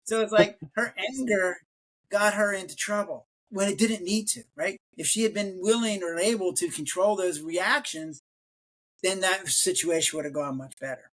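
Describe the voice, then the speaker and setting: An older man speaks as a retired physician, guesting on a podcast in a relaxed, chatty way. He tells stories and acts out the quoted lines, jumping up in pitch and volume for them. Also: normal speed. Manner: animated storyteller, acts out quotes in raised voice. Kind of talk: casual interview talk.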